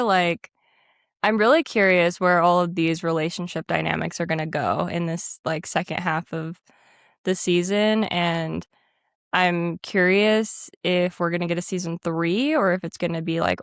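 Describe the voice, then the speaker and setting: A woman's voice: lowish voice, dry recording, studio quality. A woman co-hosting a podcast, musing earnestly in casual chat about an anime. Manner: earnest, musing, many likes. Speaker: podcast co-host.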